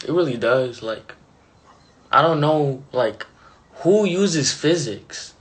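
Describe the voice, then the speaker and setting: Laid-back young man, bright voice. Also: fairly high pitch, animated, slow pace. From Dominican. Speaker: livestream host. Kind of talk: casual live chat. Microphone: phone video call.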